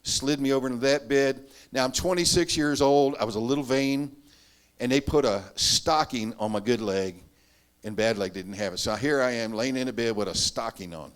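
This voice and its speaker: A middle-aged man at a church, sharing his testimony as a storytelling sermon. He talks with lively humor and often pokes fun at himself. His voice sits at an ordinary pitch for a man. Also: moderate pace, smooth. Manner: animated, humorous storytelling with self-mocking asides. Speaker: preacher giving a testimony.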